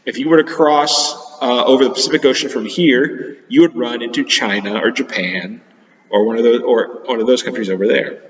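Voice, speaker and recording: Male teacher, simple patient explanations, lots of pauses, dull lo-fi sound, long reverb. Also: mid-range voice. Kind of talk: geography lesson for children.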